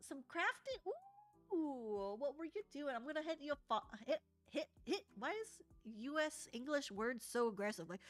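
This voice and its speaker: A young adult woman livestreaming as she crafts, telling a story in a rambling, animated way with laughs. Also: high-pitched, moderate pace, soft background music. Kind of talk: casual live-stream chat while crafting.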